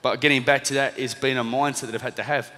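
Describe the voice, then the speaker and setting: A man in his thirties with an Australian accent, a motivational speaker and former boxer, tells a lively anecdote to a live audience in a reverberant hall. His voice is medium in pitch and fast, and he acts out the quoted lines of the people in the story while laughing at himself.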